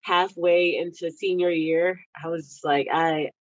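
A young woman from Texas talks casually as a podcast guest, laughing easily between her sentences. When she retells what someone said, she jumps up into a high, playful voice. The recording sounds a little dull and lo-fi, with a dry, close sound and no room echo. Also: steady tone, unhurried. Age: young adult. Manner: giggly, laughs often between phrases. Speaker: podcast guest, Olympic wrestler. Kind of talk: casual interview chat.

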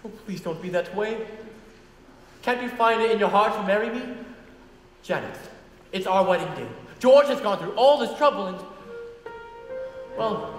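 A man's voice: high voice, expressive, normal speed, pauses often. A young man playing an earnest, lovesick groom in a stage musical, imploring. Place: school theatre stage. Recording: echoey hall with loud music.

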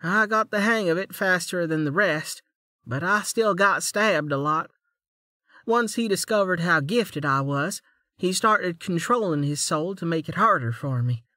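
A man voicing a hesitant young woman warrior who speaks softly and matter-of-factly in an audiobook. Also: fairly low pitch, animated, measured pace, no room sound, studio quality.

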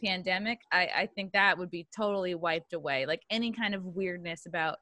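A woman's voice: fairly low pitch, a little fast, bright, forceful tone, dry recording. A woman hosting a comedy podcast, joking crudely and reading out news items with sarcastic asides. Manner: brash, profane, reads out articles and jokes. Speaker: podcast host. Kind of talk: casual comedic banter.

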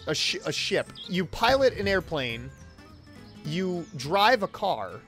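A man reviewing a video game with jokey, excitable commentary and sudden exclamations. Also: high voice, takes it slowly, faint music behind. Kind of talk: comedic gameplay commentary.

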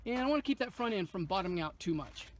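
Guy chatting through a bike repair, high bright voice, sounds far off in a big echoey space w/ faint hiss. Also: lively intonation, fast. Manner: chatty, joking asides. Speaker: motorcycle channel host. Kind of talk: casual how-to commentary. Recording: distant echoey mic, faint noise.

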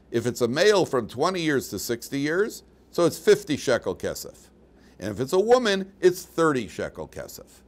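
Older rabbi guy teaching a torah class, voice jumps all over, wanders off on tangents, dry teasing humor. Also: a little high. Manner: animated, digressive, with restarts and asides. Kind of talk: informal Torah lecture.

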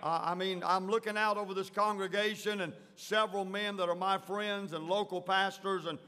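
A man's voice: high-pitched, steady tone, normal speed, sharp tone, clear, resonant tone. A man with a Southern US accent, a pastor leading a church service and giving folksy announcements. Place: large church sanctuary. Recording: long church hall reverb.

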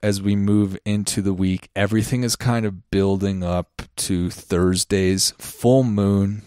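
Man, deep voice, unhurried, dry close sound, casual podcast host, slightly breathless. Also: fairly even intonation, dark tone, smooth, no room sound. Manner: loose and chatty, with frequent ums and self-corrections. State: a little out of breath. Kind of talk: casual astrology forecast.

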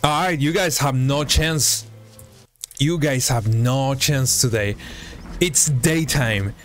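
A young man streaming a survival game, commenting live, excitable, yelping and talking to the creatures on screen. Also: medium pitch, slow pace, faint music behind. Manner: excitable, yelps and talks to the game. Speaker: gaming streamer.

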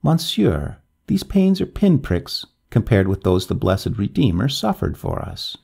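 A man voicing a dying, pious Breton peasant who speaks quietly, calmly and courteously. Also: on the low side, measured pace, creaky, husky, exaggerated voice. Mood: serene.

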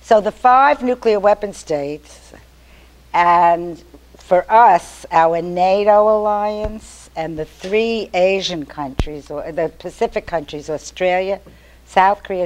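A woman's voice: lowish voice, slow pace, a little hiss or hum. An older woman giving a chatty, storytelling talk to an activist meeting. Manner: chatty, storytelling, animated quotes. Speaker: activist speaker.

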